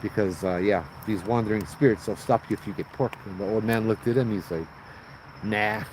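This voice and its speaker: A man's voice: fairly low pitch, fast, background noise. A man with a Hawaiian Pidgin accent, from Hawaii, telling ghost stories in a loose, laughing, slangy way outdoors at night by a road. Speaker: ghost story host. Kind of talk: casual storytelling livestream.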